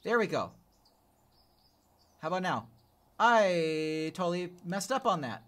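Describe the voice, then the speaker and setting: Male gaming streamer, excitable self-talk, bright tone, pitch leaping all over, keyboard clicks behind. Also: unhurried. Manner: excitable, talks to himself, sudden yelps and swearing. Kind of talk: live gameplay commentary.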